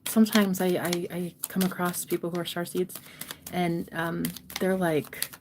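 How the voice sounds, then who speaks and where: A young woman giving a casual tarot reading to her viewers, playful and talkative, swinging between loud bursts and soft whispered asides. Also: on the low side, steady tone, moderate pace, a little hiss or hum. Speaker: tarot reader and streamer.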